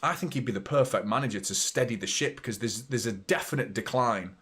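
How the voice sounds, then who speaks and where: A middle-aged man talks through a live match as host of a watchalong. He chats to his viewers, swears freely and breaks off to react loudly to the play. His voice sits at an ordinary pitch for a man. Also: a little fast.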